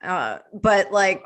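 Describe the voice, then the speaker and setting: A woman's voice: medium pitch, a little hiss or hum. A woman guest in a casual chat, talking with lots of fillers and frequent laughs.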